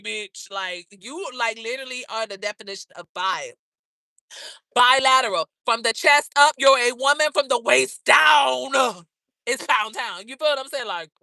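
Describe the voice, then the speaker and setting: A woman with a bright, forceful voice, a little high, trash-talking and gossiping on a live stream. She is brash and profane and keeps calling the viewers girl, baby and honey. Her voice sounds close and dry. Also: creaky, dry recording. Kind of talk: casual chat with viewers.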